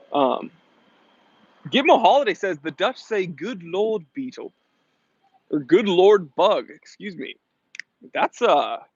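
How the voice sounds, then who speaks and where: A man's voice: a little high, husky, no room sound. Upbeat American man hosting a live stream. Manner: chatty and upbeat, reads viewer comments aloud, laughs often. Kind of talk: casual live-stream chat. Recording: slightly dull, lo-fi stream audio.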